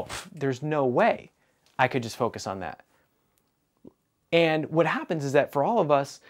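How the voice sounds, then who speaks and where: A man who is a business coach, telling a client story with energy and acting out bits of quoted dialogue. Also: on the high side. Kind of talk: storytelling monologue.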